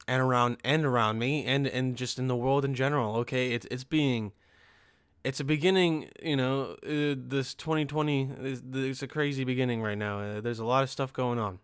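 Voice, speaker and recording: Smooth-voiced, foul-mouthed male podcast host. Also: medium pitch, moderate pace, fairly bright tone, no room sound, clean studio sound. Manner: profane, rambling, full of fillers and restarts. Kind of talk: casual rambling monologue.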